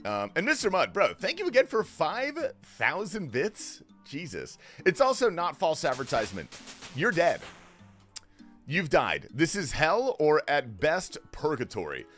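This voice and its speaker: A man hosting a casual livestream at home, greeting viewers with joking banter that swings from low murmurs to sudden yells. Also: wildly swooping pitch, a little slow, soft background music. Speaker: livestream host. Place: home, keeping quiet while others sleep.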